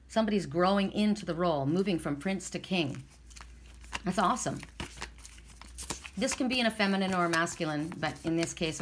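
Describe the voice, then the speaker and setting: Woman, fairly low voice, casual tarot reader, chatty and emotional. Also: a bit bright, slight background noise. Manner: emotional, tearful at times, chatty and repetitive. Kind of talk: casual spiritual card reading.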